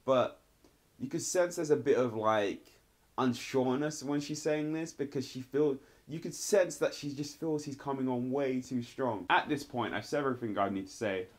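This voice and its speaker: A man's voice: medium pitch, moderate pace. A man casually reviewing a TV episode, rambling and filling his talk with "like" and "sort of". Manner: rambling, heavy use of "like" and "sort of". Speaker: TV show reviewer.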